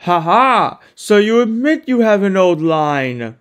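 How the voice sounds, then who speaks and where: A performer voicing a proud, boastful big male steam engine in a fan-made animated series, pompous and gloating. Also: mid-range voice, takes it slowly, clear, resonant tone. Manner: pompous and gloating, turns to panicked yelling.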